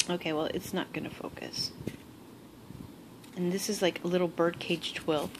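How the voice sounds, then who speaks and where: A woman records a casual unboxing for her crafting vlog on her phone in her bedroom, and the sound is noisy. Her voice runs a bit low at normal speed, and she gushes, gasps, and laughs as she opens gifts.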